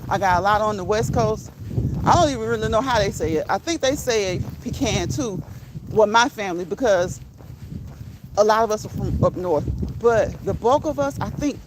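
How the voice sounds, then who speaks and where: A woman's voice: medium pitch, lively intonation, moderate pace, noisy background. A woman who grew up in the northern United States, chatting casually while walking outdoors, laughing often and playfully repeating words. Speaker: vlogger. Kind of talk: casual walk-and-talk vlog. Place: outdoors on a rural walk.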